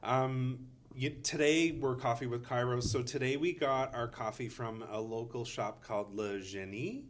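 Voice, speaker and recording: A chiropractor co-hosting a casual podcast chat speaks with a steady, mid-range male voice at a moderate pace, hedging a lot and filling his talk with "kinda" and "you know".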